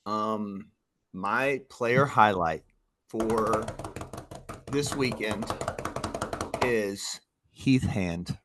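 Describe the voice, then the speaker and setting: A man co-hosting a casual podcast as a youth baseball coach, telling animated stories about his players. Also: on the low side, very slow, pauses often, noisy background. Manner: animated storytelling, quoting players.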